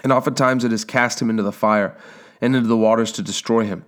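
Earnest man preaching a sermon. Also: on the low side. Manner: earnest, prays aloud, stresses words slowly. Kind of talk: sermon with scripture reading.

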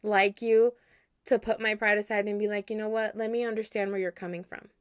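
A young woman co-hosting a podcast in casual chat, talking with lots of "like" and retelling stories in an animated way. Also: mid-range voice, a little fast, smooth, no echo, clean studio sound. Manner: chatty, heavy use of "like", animated retelling. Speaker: podcast co-host.

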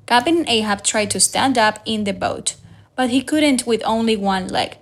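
A woman reading a simplified adventure story aloud as the narrator, slowly and evenly, lifting her voice for the quoted lines. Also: a little high. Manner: slow, even storytelling read with raised voices for quoted lines. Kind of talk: scripted audiobook narration.

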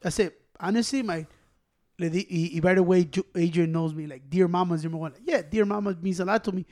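A man co-hosting a casual chat, profane and excitable, slipping between English and Spanish slang. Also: high voice, brisk. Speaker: podcast co-host.

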